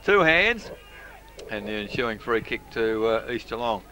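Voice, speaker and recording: An older man with an Australian accent calls a local football match, his tone bright and forceful. He hesitates often with fillers and drops into quieter asides. A faint noise sits behind the voice. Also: on the low side, little pitch movement, moderate pace, rough recording. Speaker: football commentator. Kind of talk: local radio football commentary.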